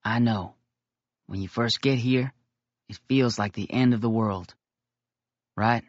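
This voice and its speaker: A man's voice: medium pitch, steady tone, takes it slowly, dry recording, muffled recording, close to an everyday voice. A man voicing a friendly, joking boarding-school boy who teases his new friend in a playful manner. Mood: gentle teasing. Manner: teasing, playful.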